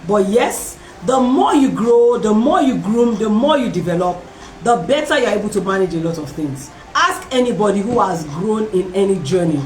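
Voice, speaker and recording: A woman hosting a talk, telling a personal story in a lively way and acting out the voices of other people. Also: mid-range voice, normal speed. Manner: animated, acts out voices in her story, laughs often. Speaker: host. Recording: roomy and distant from the mic.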